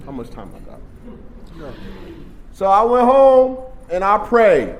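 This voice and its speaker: A man telling his recovery story at a workshop, in streetwise storytelling that swings from hushed to loud. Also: high-pitched, very animated, slow pace, long pauses. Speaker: recovery meeting speaker. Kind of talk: personal recovery share at a workshop. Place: convention workshop room.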